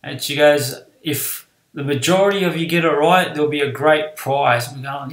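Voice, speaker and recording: A man's voice: fairly high pitch, moderate pace, fairly bright tone, roomy sound, poor audio. A man telling a personal story from his school days, acting out the voices of his teacher and classmates. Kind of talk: personal anecdote.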